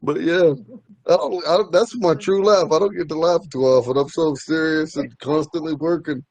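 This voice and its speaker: A man's voice: on the high side, normal speed, darkish tone, dry recording. Man, language teacher, chatty storyteller, laughs a lot, dry close sound. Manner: laughs often while telling stories. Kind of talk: casual storytelling in class.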